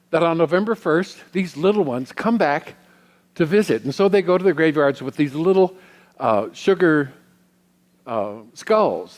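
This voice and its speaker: A middle-aged man giving a sermon as a guest minister. He tells personal stories in a reflective way, with pauses. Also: a little high. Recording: long hall reverb.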